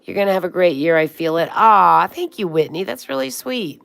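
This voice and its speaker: Talking a little fast, this woman in her sixties has a lowish, gravelly, fairly bright voice full of expression. She hosts a casual livestream, reading chat, calling people honey and sweetheart, and swearing now and then.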